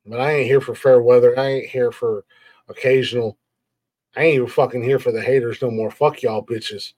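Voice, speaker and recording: A man hosting a live show who rants with heavy swearing and keeps circling back to the same complaints. His voice sits at an ordinary pitch and sounds dry and close to the mic. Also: level tone, brisk, a little mellow, dry recording. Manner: heated, profane, repetitive, frustrated. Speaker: podcast host. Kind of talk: profane live-stream rant.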